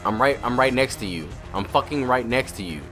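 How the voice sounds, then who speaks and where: A young man commenting on his game, cursing and trash-talking, and his voice jumps all over the place. Game music and gunfire play loudly behind him. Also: mid-range voice, a little fast. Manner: profane, excitable trash talk. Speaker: gamer commentator.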